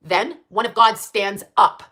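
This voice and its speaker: A woman's voice: medium pitch, fairly even intonation, unhurried, bright, forceful tone. A woman hosting a stream, ranting in a rambling, profane monologue full of rhetorical questions.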